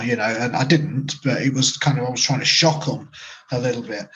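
A man's voice: medium pitch, fairly even intonation, fairly quick, a bit bright, low-quality recording. A man, a medium and paranormal investigator, telling his story in a casual, rambling way during an interview. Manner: casual, rambling, full of "sort of" and "like".

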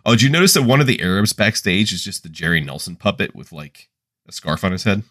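A podcast co-host who recaps an episode with casual, wry asides. His voice sits deep but moves with a lot of lively pitch. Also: fast talker. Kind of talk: casual chat.

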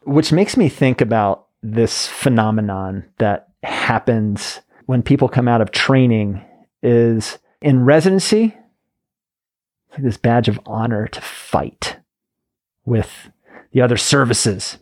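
A man hosting a podcast in a relaxed, chatty way, speaking in a mid-range voice. His stories tumble out quickly and loosely. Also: medium pitch. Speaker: podcast host. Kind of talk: podcast conversation.

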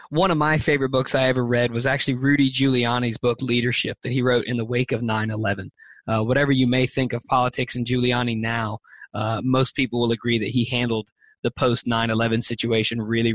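A man's voice: medium pitch, a bit bright, no echo. A man being interviewed as a teacher and speaker, answering earnestly and thoughtfully, with frequent fillers and restarts.

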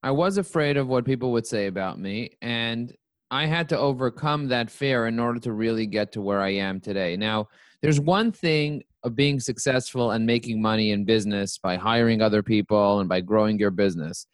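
A man's voice: fairly low pitch, normal speed, dry recording. A man, a company CEO, telling stories as a guest in a casual interview, acting out the dialogue as he goes. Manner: animated, acts out quoted dialogue.

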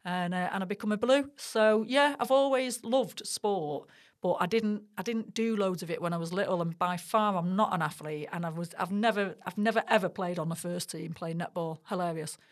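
A woman in her forties with a Mancunian accent, a podcast guest chatting casually and telling lively, self-deprecating stories. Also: on the low side, moderate pace. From Manchester, England. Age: 40s. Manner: chatty, animated storyteller with self-deprecating humour. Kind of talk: casual interview chat.

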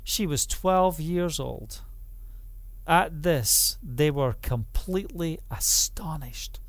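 A man preaching a sermon, emphatic and repetitive, who builds up to loud exclamations. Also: on the high side, slow, no room sound.

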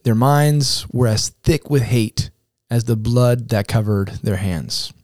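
Man, slow devotional storyteller, earnest, dramatic pauses, dry close sound. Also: medium pitch, a little mellow, no room sound. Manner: reads quotes and scripture with weight. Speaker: camp director.

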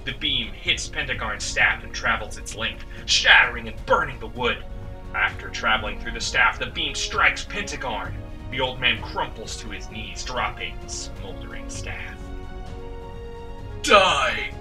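A man's voice: medium pitch, normal speed. A man hosting and narrating a tabletop adventure, breaking off for joking asides. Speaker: game master and host. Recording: distant mic with background music.

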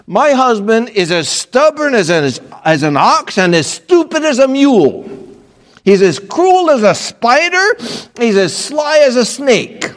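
A man's voice: very high voice, sing-song, unhurried, in a large hall, pitched above the performer's own voice, heavily acted. A man mimicking a whiny exasperated wife. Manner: whiny, indignant protest. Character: exasperated complaining wife, adult woman.

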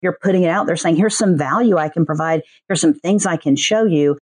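A woman with a Southern US accent, a podcast producer chatting in an interview and slipping into quick voiced asides. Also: fairly low pitch, husky, dry recording. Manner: chatty, animated, mimics other people's voices in quick asides. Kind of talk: casual interview chat.

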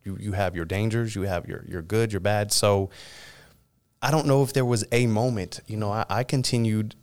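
A man's voice: on the low side, steady tone, a little mellow, clean tone. A man in his thirties from California, a guest telling his story candidly in an interview, with many fillers and restarts. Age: 30s. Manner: rapid, frequent "you know" fillers and restarts.

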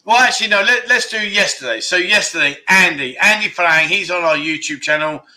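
Speaking fairly quickly in a high, sharp voice, a livestream host in Pattaya, Thailand casually reads out viewer donations. He's chatty and thankful, stumbling into many restarts while thanking viewers.

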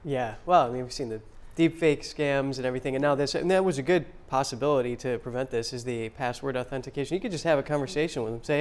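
A man anchoring a morning news show, chatting briskly with guests and his co-host. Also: medium pitch. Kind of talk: live news desk chat.

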